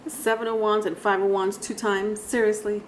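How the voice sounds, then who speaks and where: A woman's voice: medium pitch, flat delivery, normal speed, a little hiss or hum, poor audio. A woman giving a casual, rambling tarot reading, talking straight to viewers with sighs and laughs. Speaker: tarot reader.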